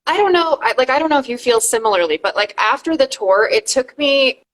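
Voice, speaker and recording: A woman's voice: sits high, expressive, fairly quick, a bit bright, low-quality recording. A woman hosting an interview, chatting eagerly and a bit farther from the mic. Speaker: podcast host. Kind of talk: casual interview chat.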